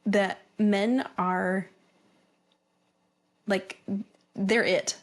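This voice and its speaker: A woman in a relaxed podcast conversation, backing up her co-host with steady murmurs of agreement. When she speaks at length, her tone turns earnest and reflective. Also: medium pitch, extremely slow. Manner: supportive listener, frequent agreeing murmurs. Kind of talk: casual chat.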